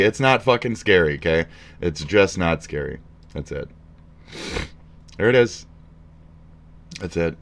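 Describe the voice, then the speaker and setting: Profane, animated male streamer ranting. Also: low voice, measured pace, pauses often. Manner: crude, profane, mocking, animated. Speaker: streamer reacting to posts. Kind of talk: casual ranting commentary.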